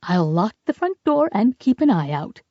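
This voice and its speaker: A woman's voice: mid-range voice, big pitch swings, moderate pace, no room sound, highs cut off. A woman voicing a polite but appraising middle-aged baker woman in a raised, lighter voice.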